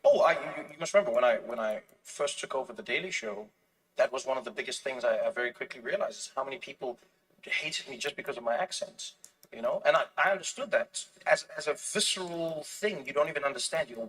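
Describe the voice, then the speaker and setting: Animated man, heard from a distance. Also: medium pitch, fast talker. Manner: animated storytelling, acts out other people's voices, frequent restarts. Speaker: comedian, interview guest. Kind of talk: casual conversation.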